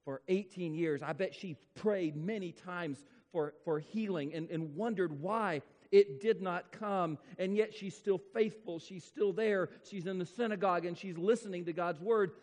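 A man preaching a sermon as pastor, emphatic and repetitive, stretching key words out slowly for effect. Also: high voice, darkish tone. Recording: long reverb of a large hall.

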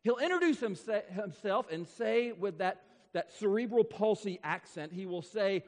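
Male pastor, high voice with wide swings, emphatic sermon delivery, long hall reverb. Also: lively intonation. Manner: emphatic, repetitive preaching with dramatic slowdowns.

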